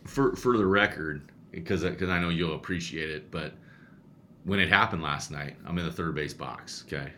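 A man's voice: very deep voice, normal speed, a little hiss or hum. A man who coaches youth baseball, chatting casually and telling stories with lots of restarts and repeated words. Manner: animated storyteller, many restarts and repeats. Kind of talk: casual chat.

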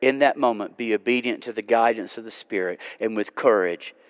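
A preacher in a church sanctuary gives a Sunday sermon, his fairly low voice moving at a fairly quick clip. He pleads earnestly, swinging from loud to hushed, and a long church reverb trails his words.

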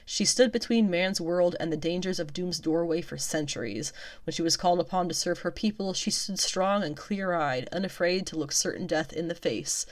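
A woman with a slightly low voice, casually working through a list of upcoming comic releases. She reads in a chatty way and drops wry asides in between. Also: normal speed. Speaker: comics news vlogger. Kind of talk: casual reading of comic listings.

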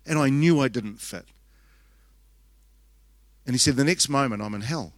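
Rambling New pastor telling a story. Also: male voice, mid-range voice, normal speed, long pauses, no echo. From New Zealand. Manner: rambling, animated storytelling with acted-out quotes and self-mocking asides. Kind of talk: conference sermon storytelling.

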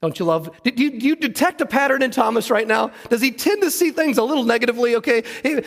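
High-voiced pastor preaching in a reverberant hall. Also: male voice, lively intonation, quick pace, creaky, few pauses, a bit bright. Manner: conversational preaching, asks the congregation questions. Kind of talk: sermon. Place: church sanctuary.

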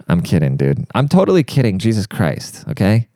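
A young man rambles through a profane comedic rant, worked up and crude. His voice sits low with a dark, mellow tone. The sound is close and dry. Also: huge pitch swings, brisk, no room sound. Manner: profane, rambling, fired-up, says dude a lot. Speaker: monologue speaker.

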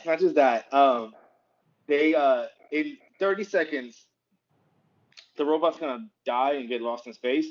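A man with a somewhat high voice talks over his co-hosts, animated and swearing as he picks apart a film. His audio sounds muffled and lo-fi. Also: unhurried, pauses often. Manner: animated, bursts in with comments and swearing. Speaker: podcast co-host. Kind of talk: casual movie review chat. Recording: dull lo-fi sound.

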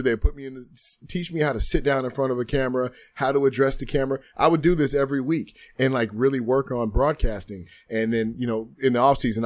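Earnest man telling his story. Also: mid-range voice. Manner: earnest, reflective, repeats phrases. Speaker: guest, former football player. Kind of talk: candid interview storytelling. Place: podcast studio.

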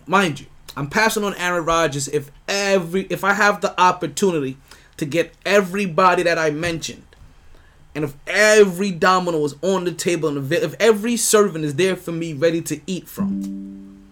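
A man's voice: high voice, normal speed, a bit bright, soft background music. A man hosting a sports podcast, talking casually and rambling with restarts, bursts of emphasis and laughs. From United States. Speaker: podcast host.

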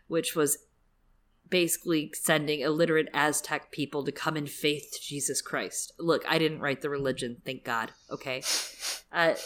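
Low-voiced wry woman podcaster. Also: fairly bright tone. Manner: wry, joking asides. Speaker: podcast co-host. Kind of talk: casual chat.

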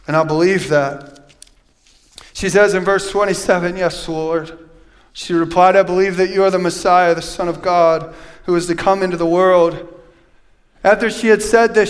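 A male pastor preaching a sermon in church, reading scripture aloud and swinging from loud preaching to hushed, quiet passages. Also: on the high side.

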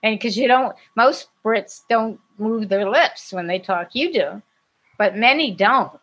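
An older woman talks through her memories with a lively storyteller's energy and frequent laughs. She speaks in a relaxed conversational interview manner. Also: medium pitch, measured pace, rough recording. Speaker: actress and guest. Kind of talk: casual interview chat.

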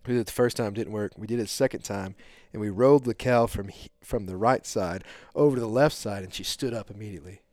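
A middle-aged man hosting a podcast, telling a long story in a rambling, animated way with lots of fillers. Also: fairly low pitch, fast talker, few pauses, no echo, studio quality. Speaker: podcast host. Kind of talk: casual storytelling chat.

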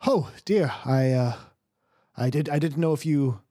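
Man as bumbling husband, stammers and trails off, slow. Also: fairly high pitch, dark tone, no room sound, clean studio sound, lightly acted. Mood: awkward. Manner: hesitant, stammering. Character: fumbling, awkward husband.

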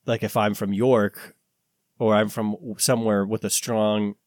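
Rambling low-voiced American man. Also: level tone, measured pace, dry recording, studio quality. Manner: rambling, searching for words with many fillers. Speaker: podcast co-host. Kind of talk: casual chat.

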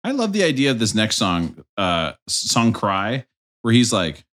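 A man's voice: fairly low pitch, huge pitch swings, normal speed, a bit bright. A man co-hosting a podcast in casual chat, joking around and cracking puns. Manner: jokey, puts on silly voices. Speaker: podcast co-host.

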